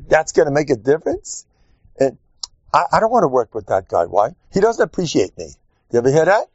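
Rabbi, male, lively and teasing in his Torah class; a dry, dull lo-fi recording. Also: moderate pace, no echo. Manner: animated, joking, acts out quotes in squeaky voices. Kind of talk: humorous Torah lecture.

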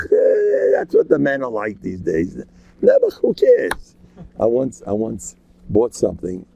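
A man giving an informal, joking religious talk, animated and acting out quotes in sudden high voices. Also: vocal fry, lo-fi sound. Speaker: religious lecturer. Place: local community gathering.

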